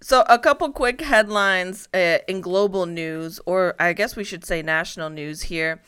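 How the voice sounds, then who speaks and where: A woman's voice: on the low side, measured pace, fairly bright tone, clean tone. A woman hosting a casual talk show, chatty and laughing often as she reads headlines.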